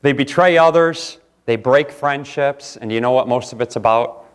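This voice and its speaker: A pastor preaching a sermon in a church, jumping from loud outbursts to quiet asides. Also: male voice, medium pitch, moderate pace, clean tone. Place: church sanctuary.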